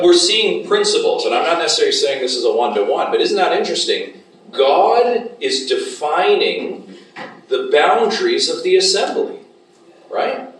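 A man's voice: a little high, slight background noise. A man teaching a Bible class as a lecture, often putting questions to the class. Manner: asks the class frequent questions. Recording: echoey room from a distance.

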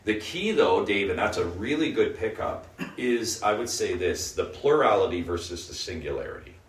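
A man's voice: fairly low pitch, lively intonation, moderate pace. A man leading a Bible study group, teaching and often checking in with the group by asking "right?". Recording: echoey room, mic at a distance, faint noise.

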